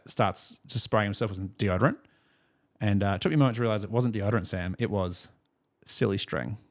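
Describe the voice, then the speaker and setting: Brief: young Australian man, lowish voice, rambling chatty podcast co-host who chuckles through his anecdotes. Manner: rambling storyteller, chuckles often. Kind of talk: casual chat.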